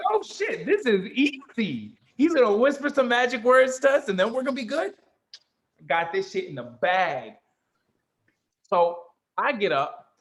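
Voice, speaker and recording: Animated high-voiced man telling a story. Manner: animated storyteller, swearing, acts out other voices. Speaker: co-host. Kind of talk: casual storytelling chat.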